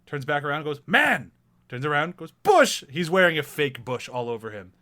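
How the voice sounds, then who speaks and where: A man hosting a casual film review chat, animated and laughing often, acting out movie quotes. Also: a little high, quick pace. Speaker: podcast host.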